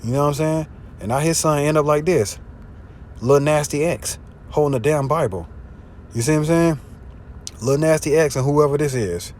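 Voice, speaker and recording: A man preaching informally, slangy and profane, often asking if you see what he's saying, and reading scripture louder. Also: moderate pace, long pauses, a little hiss or hum. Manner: louder and higher when reading scripture aloud. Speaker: street preacher. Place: in a car. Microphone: phone.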